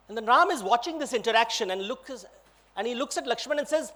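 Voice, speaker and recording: A man's voice: extremely high pitch, brisk. A man with an Indian accent, a guest speaker telling a myth to a big audience. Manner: lively, dramatic storytelling. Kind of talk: storytelling talk. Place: large auditorium.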